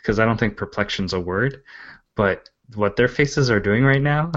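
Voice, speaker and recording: A man's voice: lowish voice, moderate pace, a bit bright, lo-fi sound. A man hosting a casual podcast, laughing often and stammering through restarts. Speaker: host.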